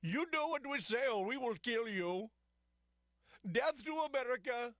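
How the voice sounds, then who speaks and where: A talk-radio host doing a comic impression of a blustering male Iranian leader, using a put-on Persian accent and shouting slogans. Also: very high-pitched, expressive, measured pace, dry recording, studio quality, voice pushed up, heavily acted. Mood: menacing.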